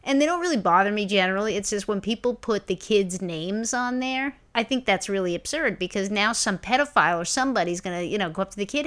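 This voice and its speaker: A woman's voice: mid-range voice, animated, fast, hardly any pauses, fairly bright tone. Self-mocking woman telling a story. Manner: self-mocking storyteller, acts out her own reactions. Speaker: podcast co-host. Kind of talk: casual chat.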